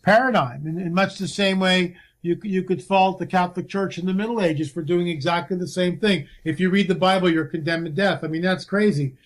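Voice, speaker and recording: A man's voice: high-pitched, a little fast, few pauses. A man speaking as a guest field researcher in a casual conversation, talking in an emphatic, impassioned way.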